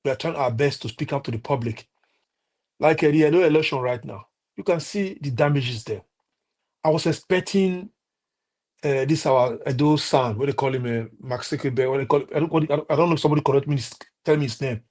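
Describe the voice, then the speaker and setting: This heated political commentary on a live stream comes from a Nigerian-accented man who scolds, stops, and restarts frequently. His voice leans high with a darkish tone.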